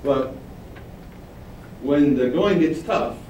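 Man preaching, animated, very echoey room, distant mic. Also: mid-range voice, extremely slow, lo-fi sound, a little hiss or hum. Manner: animated preaching, voices quotes with sudden rises. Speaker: pastor. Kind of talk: sermon.

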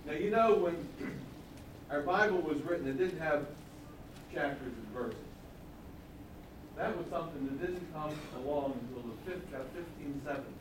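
A man teaches a sermon in a chatty, questioning way, now and then rising into loud, emphatic repetition. His voice sits a little high. The recording is very echoey, with the speaker some distance from the mic in a church hall and faint noise behind him. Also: moderate pace, pauses often. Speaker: pastor.

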